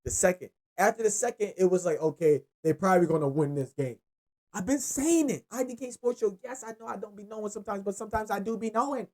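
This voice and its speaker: Hardly pausing, a man with a high-sitting voice moves at a quick pace through his own sports picks show. His casual monologue on the games is loose, lively, rambling, and profane, with an easy, unscripted feel.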